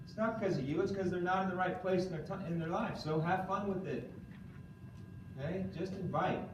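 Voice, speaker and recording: A man giving an animated motivational training talk to a live audience, often quizzing them and asking "okay?". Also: high voice, brisk, noisy background. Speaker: seminar speaker. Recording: echoey room from far off.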